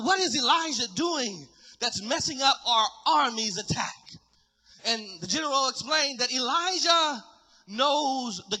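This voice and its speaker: A man preaching a sermon, retelling a story dramatically and building to shouted climaxes. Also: very high-pitched.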